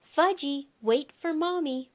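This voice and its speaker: A woman's voice: a little high, animated, unhurried. A woman voicing a doting, flustered mother in a children's audiobook, fussing and a little breathless.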